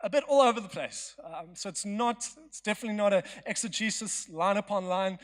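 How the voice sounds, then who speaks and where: High-voiced preacher in a hall. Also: male voice, fairly quick. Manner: chatty, joking, self-mocking. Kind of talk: storytelling sermon. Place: church hall. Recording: long hall reverb.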